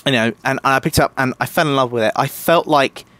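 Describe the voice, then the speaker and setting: A man's voice: mid-range voice, fast, fairly bright tone, no echo. A young man chatting as a podcast guest, gushing with enthusiasm and tripping over his restarts. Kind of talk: casual podcast chat.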